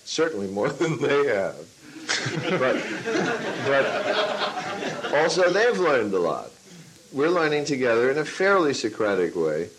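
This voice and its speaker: A man, a film and stage director, answering an interview question as a lively storyteller who acts out his own past lines. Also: mid-range voice, low-quality recording. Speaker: teacher of a class.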